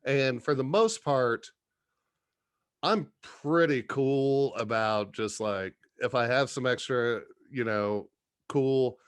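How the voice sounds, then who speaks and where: Man, podcast guest, cussing storyteller, mid pitch, dead-dry close sound. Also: slow, clear, resonant tone, no room sound. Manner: profane, animated storyteller. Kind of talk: casual storytelling chat.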